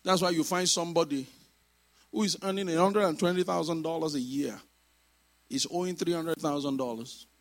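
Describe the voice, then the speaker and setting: A man preaching a sermon, emphatic, moving between shouted exhortations and quiet asides. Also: fairly high pitch, moderate pace.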